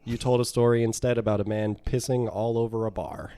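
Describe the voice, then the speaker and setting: A man's voice: mid-range voice, fairly even intonation, a little fast, dark tone, no echo. A man co-hosting a podcast, discussing films with wry, dry humor and leading the segments. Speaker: podcast co-host. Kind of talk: casual film discussion.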